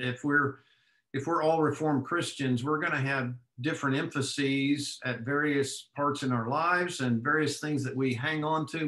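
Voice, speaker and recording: A man with a Texas accent speaks in a bright tone, reasoning aloud and restarting phrases as he goes. His voice rings in an echoey room. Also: a little high. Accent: Texan. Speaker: guest, professor. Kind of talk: conversational interview.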